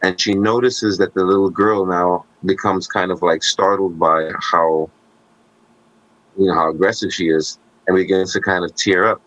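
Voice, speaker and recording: A man co-hosting a podcast, telling stories in casual conversation with animated asides and jokes. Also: sits low, normal speed, no room sound, lo-fi sound. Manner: animated storytelling, joking asides.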